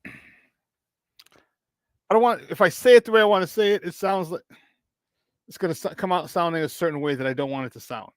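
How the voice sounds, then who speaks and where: A man's voice: sits high, normal speed, long pauses, dry recording. Chatty sports radio host man. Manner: rambling, slips into Spanish phrases. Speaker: sports talk show host. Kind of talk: casual morning show chat.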